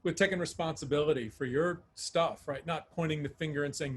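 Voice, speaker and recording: A man relationship coach co-hosting a casual chat, calm and explanatory. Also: on the high side, a little fast, few pauses. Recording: faint background noise.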